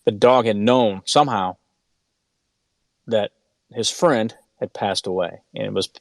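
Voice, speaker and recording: A man's voice: fairly low pitch, slow, creaky, no room sound. A man speaking as an author and interview guest, telling stories earnestly with frequent restarts and repeated words. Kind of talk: conversational interview storytelling.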